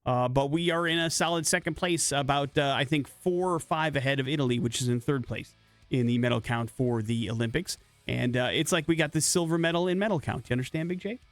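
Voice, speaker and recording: Male morning radio host, rambling with fillers, slightly high voice, dry studio mic, faint music underneath. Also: fairly quick, no room sound. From American Midwest. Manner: rambling, many fillers and restarts. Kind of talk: casual radio chat. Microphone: studio microphone.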